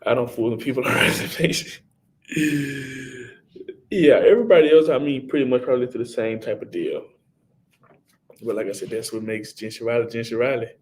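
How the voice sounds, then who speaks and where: This is a medium-pitched, somewhat mellow male voice, fairly quick but broken by long pauses. The speaker is a young college football player on his livestream, casually responding to viewer comments and addressing people by name.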